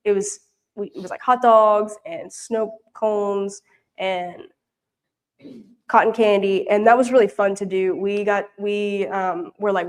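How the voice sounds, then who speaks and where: Young woman from Louisiana, easygoing and talkative, telling stories to a church group with lots of fillers. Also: mid-range voice. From Louisiana, US South. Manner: chatty and rambling, many fillers and restarts. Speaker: mission intern giving a report. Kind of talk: casual storytelling talk. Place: church prayer meeting, showing pictures.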